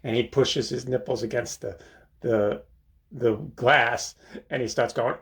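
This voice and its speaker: Older man with a gravelly voice. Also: mid-range voice, fairly even intonation, measured pace, fairly bright tone. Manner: rambling, full of fillers and "right?". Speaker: comedy monologue host. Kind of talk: rambling seated comic monologue. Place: bathroom, seated on a toilet.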